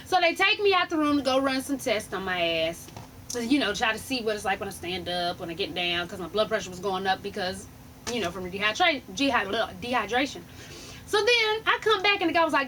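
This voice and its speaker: A woman vlogger telling a profane, animated story in a casual storytime rant, laughing as she goes. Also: a little high, brisk, slight background noise.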